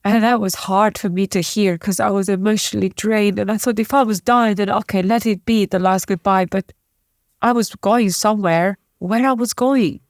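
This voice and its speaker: A woman's voice: medium pitch, fairly even intonation, normal speed, no room sound. Woman telling a painful story, dry sound. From former Yugoslavia. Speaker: podcast guest. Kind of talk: personal storytelling in an interview.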